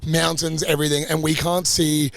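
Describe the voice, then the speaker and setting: A young man co-hosting a podcast, telling travel stories in a lively, laughing, foul-mouthed way. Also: on the high side, moderate pace, gravelly. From Australia. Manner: animated, laughing, swearing storyteller. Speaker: podcast co-host. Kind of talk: casual travel storytelling.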